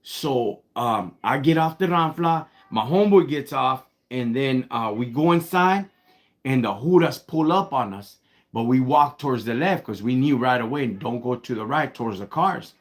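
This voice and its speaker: A man's voice: mid-range voice, expressive, normal speed. A man from Los Angeles with a Chicano English accent, telling a story in a slangy, laid-back way on a live stream and breaking off to thank his viewers. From Los Angeles, United States. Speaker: livestream host.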